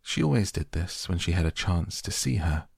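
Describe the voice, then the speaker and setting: A man narrating a classic novel as a soft, slow, hushed bedtime story reading. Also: sits low, expressive, gravelly, breathy edge, dry recording, studio quality. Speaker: audiobook narrator.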